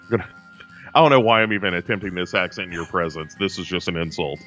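A man's voice: low voice, fast, fairly bright tone, soft background music. A man chatting casually on a podcast, rambling with lots of fillers. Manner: rambling, full of fillers and restarts. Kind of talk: casual chat.

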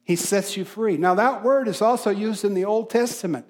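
A man preaching a sermon in a notably high voice. He leans hard on key phrases, repeating them for emphasis, then eases into quieter asides. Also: normal speed. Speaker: pastor.

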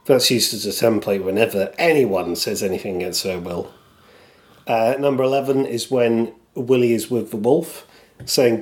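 A man's voice: mid-range voice, measured pace. A man co-hosting a podcast, chatting casually and quoting lines in put-on voices. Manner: quotes lines in put-on voices, chuckles at himself. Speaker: podcast co-host. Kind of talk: casual chat and scripted segment.

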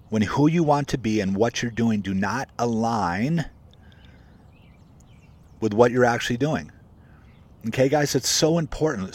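A man talks casually to his viewers, coaching them toward happiness and discipline. He is emphatic and repeats himself for effect, calling his audience "guys" as he goes. His voice sits at an ordinary, mid-range pitch for a man. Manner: conversational and emphatic, repeats points, says "guys" often; greets viewers by name while talking. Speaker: motivational vlogger and coach for real estate agents. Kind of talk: casual motivational talk to camera.

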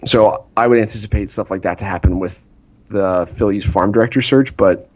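A man's voice: on the low side, steady tone, normal speed, darkish tone, muffled recording. A man co-hosting a podcast, chatting about baseball in an easygoing, hesitant way with many uhs. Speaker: podcast co-host. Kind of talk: casual baseball chat.

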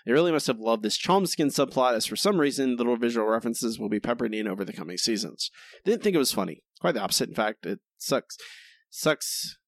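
A man's voice: medium pitch, expressive, fast, no room sound, clean studio sound. A man co-hosting a podcast, reading listener reviews aloud in a wry, casual way. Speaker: podcast co-host.

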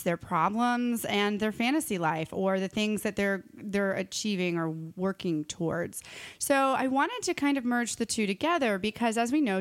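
A woman, a relationship coach, speaking as a studio guest on a radio talk show, earnest and expansive as she explains her ideas. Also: medium pitch. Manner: earnest, expansive, thinking aloud with small restarts.

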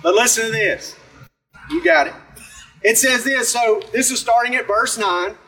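Male pastor, high bright voice, chatty sermon, heard a little off-mic. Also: moderate pace, far from the mic, low-quality recording. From Alabama. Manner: conversational, asks the congregation questions.

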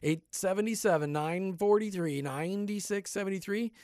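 A man's voice: high-pitched, unhurried, darkish tone, dry recording. A man co-hosting a faith and business radio show, joking and rambling in casual studio chat. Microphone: studio microphone.

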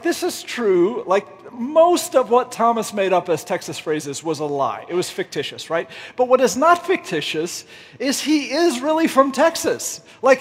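Man, pastor, husky, high-pitched, humorous sermon storytelling, long hall reverb. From United States. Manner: humorous, self-deprecating, laughs often.

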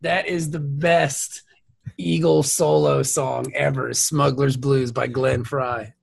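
Raspy gravelly podcast host dude, crude jokes, laughs a lot. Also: male voice, mid-range voice, little pitch movement, takes it slowly, dry recording. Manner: crude, joking, laughs often. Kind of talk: casual chat.

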